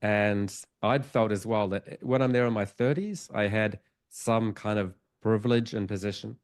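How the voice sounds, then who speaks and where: A man's voice: lowish voice, moderate pace. A man, a hypnotherapist guest on a podcast, telling a personal story in an earnest, reflective way and laughing often, sometimes getting emotional. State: emotional, choked up. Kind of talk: conversational storytelling.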